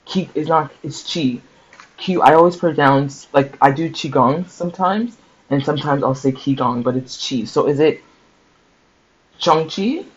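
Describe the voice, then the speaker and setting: A man reading a story from a book aloud and stopping often to explain and think out loud, checking in with listeners. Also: fairly high pitch, moderate pace, breathy edge, dull audio. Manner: conversational, checks in with "okay?" and "right?", thinks aloud. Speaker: book-sharing host. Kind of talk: reading aloud with casual commentary.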